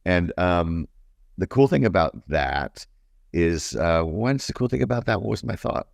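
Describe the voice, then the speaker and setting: Deep-voiced rambling guest musician. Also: male voice, animated, measured pace, vocal fry, dry recording. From New York. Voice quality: baritone. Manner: rambling, enthusiastic, many fillers. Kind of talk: casual interview chat.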